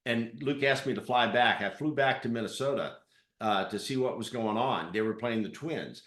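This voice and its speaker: A man interviewing a guest on stage, telling lively coaching stories with acted-out quotes. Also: mid-range voice, moderate pace, roomy sound. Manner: animated storyteller with acted-out quotes. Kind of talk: live interview with storytelling.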